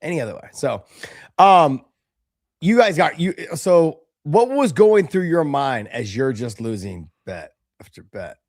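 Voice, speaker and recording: A man's voice: on the high side, big pitch swings, unhurried, a little mellow, no room sound, studio quality. A man hosting a sports podcast, telling loose, rambling stories in casual chat. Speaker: podcast host.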